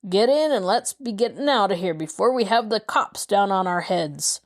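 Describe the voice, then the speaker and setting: A woman voicing a gruff, bossy male gang leader in an audiobook, growling out his orders. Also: mid-range voice, animated, normal speed, natural voice. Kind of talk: audiobook character voice.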